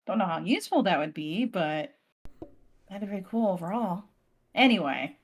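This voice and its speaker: A woman's voice: fairly low pitch, animated, normal speed. A young woman rambling playfully while roleplaying in a tabletop game, full of fillers. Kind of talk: casual in-character roleplay chat.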